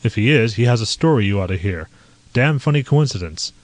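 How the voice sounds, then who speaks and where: A man's voice: fairly low pitch, expressive, dry recording, natural voice. Captain Lacey, a man doing a hearty naval officer. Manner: hearty, quick, exclamatory. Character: bluff male naval captain, hearty and excitable.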